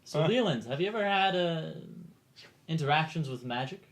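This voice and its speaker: Bright-voiced hesitant man at a game table. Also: on the high side, expressive. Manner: hesitant, halting phrasing. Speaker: player. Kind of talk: casual role-play at a game table.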